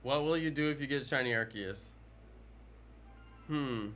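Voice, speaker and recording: Bright-voiced chatty male streamer. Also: mid-range voice, measured pace. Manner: chatty, jokey, reads and answers chat questions. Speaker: live streamer. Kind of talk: casual live stream chat while gaming.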